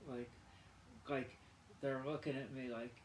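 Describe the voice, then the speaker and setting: A man's voice: mid-range voice, little pitch movement, a little slow. A man vlogging casually, rambling and self-mocking, repeating words aloud to practise saying them. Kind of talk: casual vlog chat. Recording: roomy sound with clear background noise.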